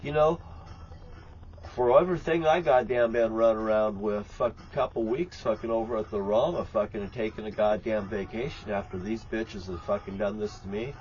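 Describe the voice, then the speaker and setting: A man's voice: lowish voice, normal speed, a little mellow, muffled recording. A man, talking to the camera from his RV in a bitter, profane, rambling rant. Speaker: vlogger. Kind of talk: rambling angry vlog monologue. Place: inside an RV lit by candles.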